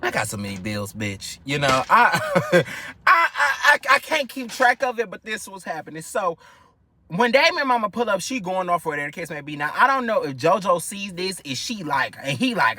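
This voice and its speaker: A young man, telling a family story in an animated, profane, gossipy way. His voice sits high and swings widely in pitch, and it sounds bright and sharp. The recording is dry and close to the mic. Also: fairly quick, dry recording. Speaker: storyteller vlogger. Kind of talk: casual storytime monologue.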